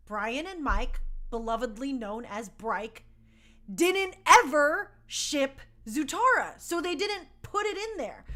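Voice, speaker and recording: A woman hosting a talk show in casual chat, animated and emphatic, going from soft asides to loud outbursts. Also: sits high. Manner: chatty, with many fillers.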